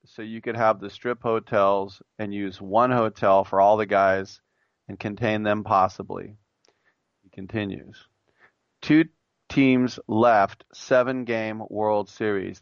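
A man's voice: on the low side, clean tone, dry recording, dull audio. A man hosting a sports talk radio show, reading a listener's idea aloud and then giving his blunt, joking opinions on it. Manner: jokey, mimics imagined voices.

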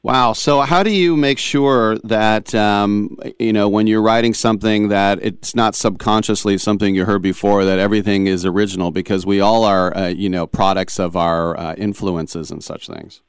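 Smooth-voiced male co-host, dry sound. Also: fairly low pitch, steady tone, normal speed, few pauses, no room sound. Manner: chatty, jumps in with trivia. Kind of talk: interview chat.

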